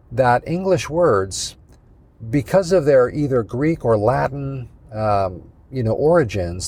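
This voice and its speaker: A man teaching a Bible prophecy study as a pastor, measured and thinking aloud with many fillers and restarts. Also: fairly low pitch, a little mellow, husky.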